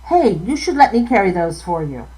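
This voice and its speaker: A woman's voice: medium pitch, sing-song, normal speed, warm tone, lightly acted, rough recording. A woman reading the lines of a polite, eager young man home from the city.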